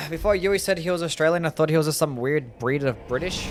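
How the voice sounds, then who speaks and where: A man's voice: a little high, fairly even intonation, brisk, music in the background. A man chatting casually on a live game stream, rambling with lots of fillers as he answers chat. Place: home desk.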